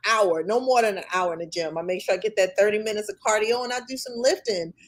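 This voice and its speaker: A woman's voice: medium pitch, fast talker. Joking middle-aged woman guest. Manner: joking, self-mocking, slangy, laughs often. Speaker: singer, guest. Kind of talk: casual chat.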